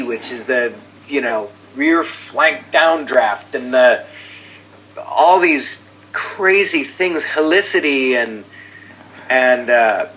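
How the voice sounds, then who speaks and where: A man chats as an interview guest in a loose, excitable way, tripping over his words and circling back. His voice has a bright, forceful edge. He breaks into small chuckles at his own expense, with faint noise in the background. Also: mid-range voice, rough recording. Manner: rambling and excitable, trailing off and restarting. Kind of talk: casual chat.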